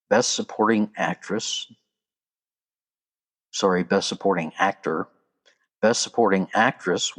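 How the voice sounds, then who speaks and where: A man with a low, deep voice hosts a solo podcast. He talks in a loose, chatty way, with casual asides along the way. The delivery sounds unscripted and conversational. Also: fairly bright tone. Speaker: podcast host.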